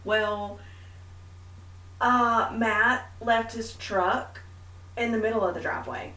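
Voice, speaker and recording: Female co-host, animated storyteller; bright tone, roomy sound. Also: on the high side, takes it slowly, distant mic. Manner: animated storyteller, mimics herself. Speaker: podcast co-host. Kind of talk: casual faith chat. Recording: echoey room, a bit off-mic.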